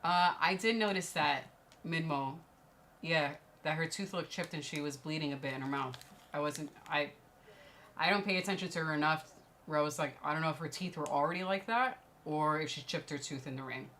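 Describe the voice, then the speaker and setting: A woman's voice: sits low, brisk, slight background noise. A woman with a New York accent, co-hosting a casual watch-party chat and laughing often. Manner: laughs often, chatty and relaxed. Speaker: co-host.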